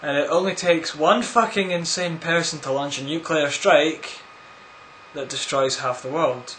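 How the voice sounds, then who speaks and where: A man's voice: a little high, a little slow, bright, forceful tone, a little hiss or hum. Rambling jokey man, echoey room. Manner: jokey, rambling, crude absurd humour. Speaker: vlogger answering viewer questions. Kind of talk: casual rambling Q&A vlog.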